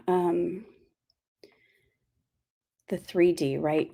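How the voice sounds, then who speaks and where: A woman's voice: lowish voice, steady tone, very slow, gravelly, long pauses, darkish tone. A woman giving a casual spiritual talk as host of her channel, rambling with many fillers and apologies.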